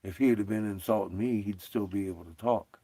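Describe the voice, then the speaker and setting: A man hosts a casual livestream and rambles from one thought to the next. His voice sits low with a gravelly edge, and he swears and laughs often. The sound is close and dry, with no room behind it. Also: a little fast, warm tone, no room sound. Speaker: livestream host.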